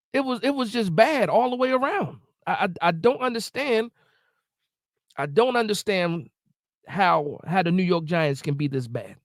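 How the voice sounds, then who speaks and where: A man's voice: sits high, dry recording, studio quality. A man hosting a live post-game reaction stream, ranting emotionally and repeating himself while following the chat. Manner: reads and answers live chat.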